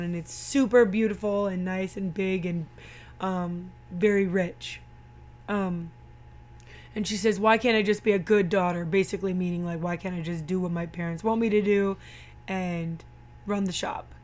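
A woman chatting casually about a movie she watched, retelling scenes and quoting the characters' lines. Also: mid-range voice. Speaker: movie commentator. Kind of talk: casual movie recap chat.

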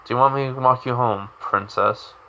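A man voicing a cool, aloof male hedgehog hero in a retold fan story, talking calmly and dismissively. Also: mid-range voice, moderate pace, muffled recording, natural voice.

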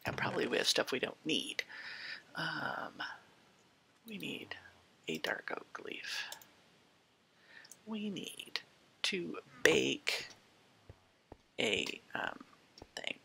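Woman chatting thru a game, talks to the villagers, lots of breathy whispery bits. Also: deep voice, animated, extremely slow, long pauses, bright, forceful tone. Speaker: gameplay host. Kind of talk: casual let's-play commentary.

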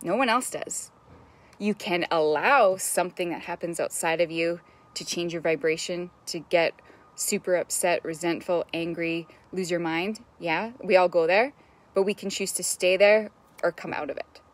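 A woman's voice: lowish voice, normal speed. A young adult woman, a business mentor, giving an enthusiastic, chatty live-stream coaching talk, greeting viewers and swearing now and then.

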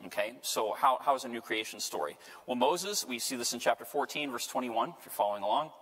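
A man's voice: medium pitch, animated, fast talker, fairly bright tone. A male priest giving a conversational Bible study lecture, checking in with his listeners as he goes. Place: parish lecture room. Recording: long hall reverb.

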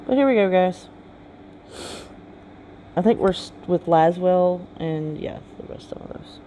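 A gamer reading game dialogue aloud in a halting way, with chatty asides in between. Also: medium pitch, lo-fi sound, slight background noise. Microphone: phone game recording with mic.

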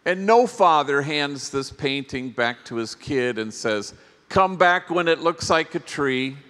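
A priest giving a workshop talk at a conference, telling stories in a gentle, reflective way with pauses. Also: male voice, mid-range voice. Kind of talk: storytelling keynote talk. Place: large conference hall. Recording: long hall reverb.

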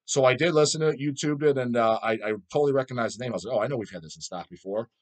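Dude ranting on his channel, swearing nonstop, blunt and crude, regular guy pitch. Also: very fast. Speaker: channel host answering viewer questions. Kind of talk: profane casual rant.

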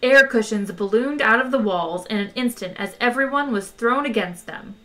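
A woman reading a comic science-fiction novel aloud in a lively, wry way. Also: on the high side, normal speed. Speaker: audiobook reader. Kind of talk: expressive audiobook narration.

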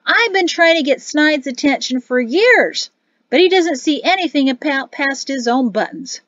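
Woman voicing a loud, griping army staff sergeant. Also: very high-pitched, animated, normal speed, dry recording, pitched above the performer's own voice. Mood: griping loudly. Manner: loud, complaining, boastful. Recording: slightly dull dry studio recording.

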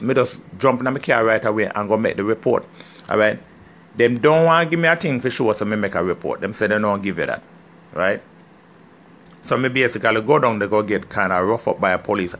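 A man's voice: on the low side, a bit bright. A middle-aged man from Jamaica with a Jamaican accent, ranting heatedly in a casual vlog and often checking that the listener understands. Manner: heated, emphatic, keeps asking "you understand?". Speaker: farmer.

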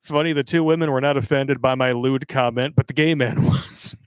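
A man's voice: medium pitch, steady tone, fairly quick, smooth, no echo. A man hosting a live show, reading a story aloud in a crude, jokey way and laughing often. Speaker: podcast host reading a listener story. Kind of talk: casual live-stream chat.

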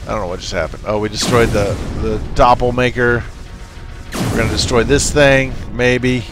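A male gameplay commentator speaks at a normal speed with medium pitch and fairly even intonation. Casually narrating a strategy game, he goofily talks to his units, bossing and teasing them. Behind him are faint game music and artillery.

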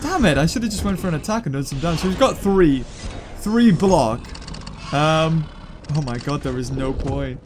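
High, lively gamer commentator. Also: male voice, normal speed, noisy background. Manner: excitable, thinking aloud, sudden high yelps. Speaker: gaming YouTuber. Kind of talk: live gameplay commentary. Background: game music.

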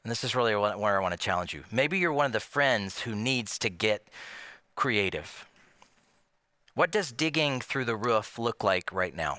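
A pastor delivers a sermon in a bright, forward voice, lively and full of rhetorical questions. He slips into the voices of imagined people to make his point. The sound is close and dry, with no room around it. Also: lowish voice, normal speed, no room sound. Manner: animated, with many rhetorical questions.

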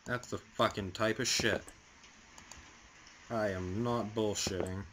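A young Canadian gaming channel host narrates a horror game let's play, swearing a lot and jumpily talking himself through the scares. His voice is fairly low and fairly bright, steady in tone and slow-paced. The rough recording carries a little hiss or hum.

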